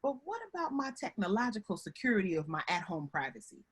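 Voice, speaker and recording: Lively husky-voiced woman speaker. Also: medium pitch, quick pace. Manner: animated and chatty, keeps calling the audience y'all. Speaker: guest speaker on workplace relationships. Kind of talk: lively webinar talk. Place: home. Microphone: video call.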